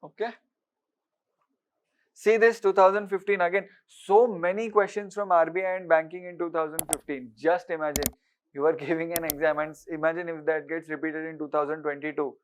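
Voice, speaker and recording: A man giving an exam-prep lecture, briskly quizzing listeners with repeated rhetorical questions and mixing with Hindi. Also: fairly high pitch, flat delivery. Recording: dull lo-fi recording.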